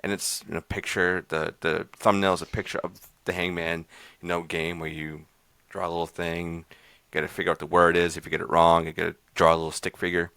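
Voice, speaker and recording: A man with a deep, gravelly voice casually walks through a short horror film on his podcast. His speech rambles along, loose and full of restarts. The sound is close and dry. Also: flat delivery, brisk, bright, forceful tone, no room sound. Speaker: podcast host reviewing horror short films.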